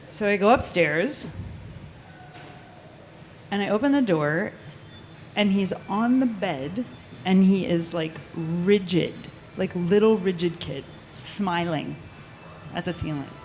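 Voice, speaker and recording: A woman telling a true spooky story live on stage, animated and swearing, laughing often. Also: fairly low pitch, slow pace, pauses often, slight background noise.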